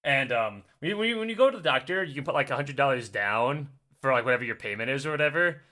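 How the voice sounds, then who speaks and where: A man in his thirties telling a long story in casual podcast chat, swearing and laughing as he goes, his voice still hoarse and cracking. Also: mid-range voice, animated, fast talker, sharp tone. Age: 30s. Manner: rambling storyteller, laughs often, swears freely. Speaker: podcast co-host.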